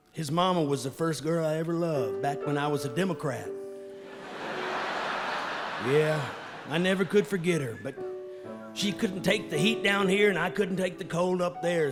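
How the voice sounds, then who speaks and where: A man playing a gruff old Texan father. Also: fairly high pitch, a little slow, long pauses, over music, lightly acted. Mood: wistful. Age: older. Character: gruff older Texan father, trigger-happy but sentimental. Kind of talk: live radio comedy sketch. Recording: echoey stage from far off.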